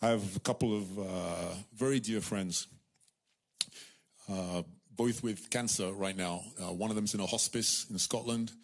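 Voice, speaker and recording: Animated man preaching a sermon. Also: lowish voice, measured pace. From United Kingdom. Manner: animated storytelling, repeats words, acts out voices.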